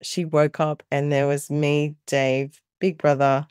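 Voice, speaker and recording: A middle-aged Australian woman, a mother and carer, telling animated stories in a casual interview and laughing often. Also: sits low, slow pace, smooth, no echo, studio quality.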